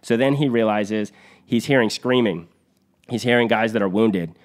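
A podcast host retells a battle story earnestly and vividly in a conversational way, with restarts and fillers. His voice is lowish and his speed normal.

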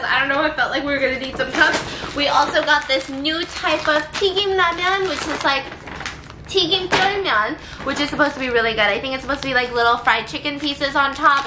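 A woman vlogger chatting casually and excitedly, exclaiming often and swearing now and then. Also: sits high. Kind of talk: casual vlog chat. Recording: echoey room with background noise.

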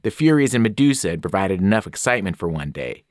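A man, a teacher, narrating a novel aloud in an expressive storytelling manner. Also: sits low, fast, no echo, clean studio sound. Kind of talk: audiobook narration.

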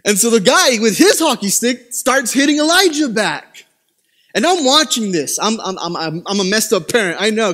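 A young male pastor delivers his sermon in a high, bright voice. He tells stories with lively, self-deprecating humor. His pitch swings sharply for dramatic emphasis.

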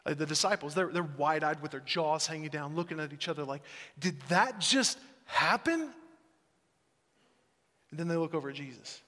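A man preaching from the pulpit of a large church, his voice sitting high and sounding bright and forceful. He swings between hushed, reflective stretches and loud, emphatic bursts, and the hall carries his words on a long reverb. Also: steady tone, quick pace, hardly any pauses. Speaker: pastor. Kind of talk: sermon.

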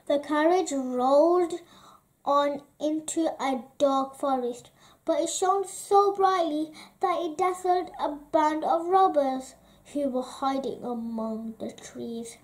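A woman reads a children's story aloud, slow and deliberate. Her voice is high and her pace unhurried, giving each word its own space. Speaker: storybook reader.

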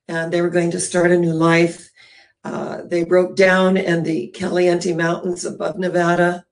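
Earnest woman minister telling a story. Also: fairly low pitch. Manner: emotional, earnest storytelling with dramatic pauses. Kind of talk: personal storytelling sermon.

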